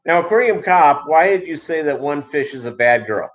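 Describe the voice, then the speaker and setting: A man's voice: fairly high pitch, lively intonation, normal speed. Rambling man on a dull lo-fi stream. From Minnesota, US. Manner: rambling, many filler ums and uhs. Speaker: livestream host. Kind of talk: casual livestream chat.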